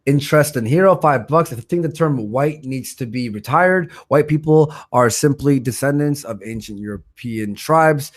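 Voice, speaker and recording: A man hosting a live stream, casually reading out viewer donations, joking and stumbling over names. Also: medium pitch. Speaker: stream host.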